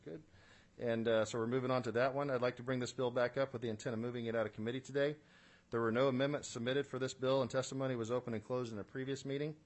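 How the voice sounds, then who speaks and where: Talking fast in a mid-range voice with fairly even intonation, a state senate committee chair conducts a formal legislative hearing from a committee room. His manner is procedural and businesslike, marked by frequent "uh"s and occasional dry asides.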